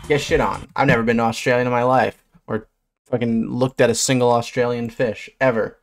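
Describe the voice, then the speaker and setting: A man's voice: medium pitch, level tone, fairly quick. A man, a fish biologist streamer, giving casual reaction commentary, blunt and swearing, bursting into surprised questions.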